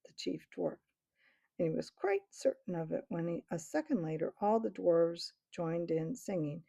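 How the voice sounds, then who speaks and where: A woman reads a children's fantasy novel aloud at a steady storytelling pace. Her voice is gravelly and mellow, with a medium pitch. The recording sounds dull and dry. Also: normal speed, no room sound. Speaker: reader. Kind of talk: audiobook narration.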